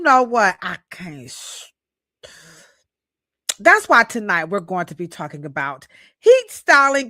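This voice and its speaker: A woman's voice: mid-range voice, slow, long pauses, dry recording, clean studio sound. A woman hosting a live podcast in a casual, playful way. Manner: lively, playful, breaks into song. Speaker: podcast host. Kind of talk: casual live-stream chat.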